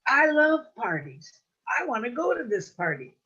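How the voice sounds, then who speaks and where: A woman doing an eager male coyote trickster from a told folk tale, stammering and begging in a bright, raised voice. The pitch swings lively and the tone is a little husky. The audio comes through dull and lo-fi, like a video call. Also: moderate pace, exaggerated voice. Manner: pleading, stammering, high and excited.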